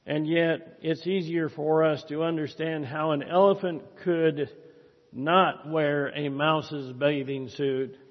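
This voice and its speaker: Slow, earnest preacher in a big hall. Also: male voice, a little high. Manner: earnest, exhorting. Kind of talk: sermon with closing prayer. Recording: dull recording in a reverberant hall.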